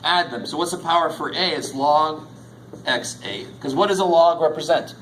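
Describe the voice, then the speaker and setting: A man's voice: on the high side, moderate pace, fairly bright tone, slight background noise, low-quality recording. A man teaching a college math class in a lecture, casual and jokey, swearing now and then. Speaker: math instructor.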